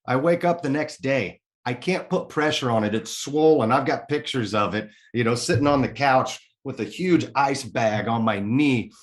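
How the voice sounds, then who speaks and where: A middle-aged man from the Kansas City area, a guest in a casual interview, telling his own story in an animated way, swearing freely and voicing his own thoughts aloud. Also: medium pitch, normal speed, hardly any pauses.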